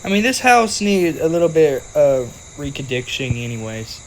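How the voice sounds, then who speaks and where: A man's voice: on the high side, sing-song, moderate pace, slight background noise, rough recording. A young man giving casual, playful commentary over a video game and joking with the characters on screen. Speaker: gaming video creator.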